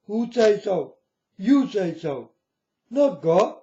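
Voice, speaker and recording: A man with a high but mellow voice lectures slowly, preaching at his viewers and pressing them over and over. The sound is dull and lo-fi, with a roomy echo. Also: big pitch swings, slight background noise. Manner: lecturing, repeats "folks" and "you understand". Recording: echoey room, dull lo-fi sound.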